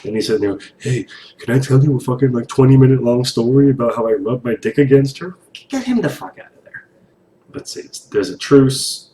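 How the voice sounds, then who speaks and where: A young man in casual reaction commentary while painting, animated, rambling and swearing a lot, recorded on a distant mic in an echoey room with faint hiss. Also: on the low side. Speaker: reaction video host.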